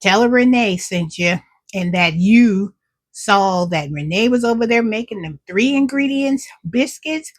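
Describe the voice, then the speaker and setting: Slow-talking chatty woman cooking vlogger. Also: medium pitch, a bit bright. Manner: chatty, talks to viewers while tasting food. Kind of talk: casual cooking vlog chat.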